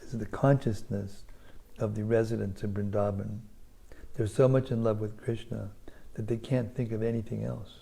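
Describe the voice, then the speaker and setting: A man giving a scripture class, retelling a sacred story in a relaxed, conversational way. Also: on the low side, normal speed, creaky. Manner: relaxed retelling with soft asides.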